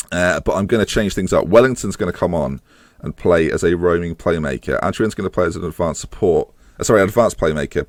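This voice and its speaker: A man commentates live on his football management game. His voice is lowish but very animated, leaping high-pitched whenever a goal looks close and dropping to groans and muttered curses. The sound is dry and close, with no room around it. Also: no room sound. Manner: excitable, voice climbs high-pitched as chances near; swears and groans at the match. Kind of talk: live let's-play commentary.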